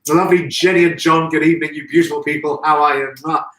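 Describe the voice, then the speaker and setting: A man's voice: on the high side, steady tone, fast talker, fairly bright tone. A man hosting a live stream, chatty and effusive, greeting viewers by name. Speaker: host of a live florist show. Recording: echoey room, distant from mic.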